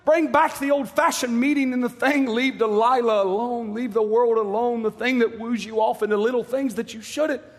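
A man preaching a fiery sermon, impassioned and pleading, rising at times to shouts. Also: very high-pitched, steady tone, normal speed, few pauses, long reverb tail.

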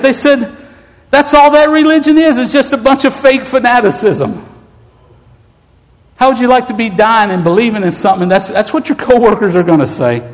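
Man preacher, very high voice, fervent sermon, long hall echo. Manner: fervent, rising to shouts. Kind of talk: emotional sermon. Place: church.

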